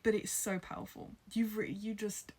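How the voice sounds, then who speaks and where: A tired woman chatting in a casual book vlog, gushing and excitable, sometimes dropping to a whisper for emphasis. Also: medium pitch, normal speed. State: tired after hours of reading. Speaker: book vlogger. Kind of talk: casual reading vlog chat.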